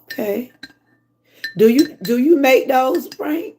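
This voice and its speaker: A hoarse woman from Georgia with a Southern accent, chatting casually with her livestream viewers and reading their comments. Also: high-pitched, expressive, mellow, a little hiss or hum. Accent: Southern American. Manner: chatty, drawn-out, talks to viewers as y'all. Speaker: livestream host.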